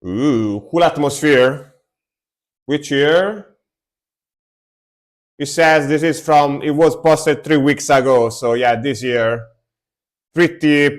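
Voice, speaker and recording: Slow, easygoing male music streamer. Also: medium pitch. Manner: laid-back, repeats words for emphasis. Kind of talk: casual live-stream music commentary.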